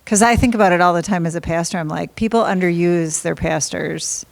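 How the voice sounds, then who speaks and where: A woman's voice: fairly low pitch, brisk, gravelly. A woman pastor interviewing a guest, asking questions and thinking aloud as she goes.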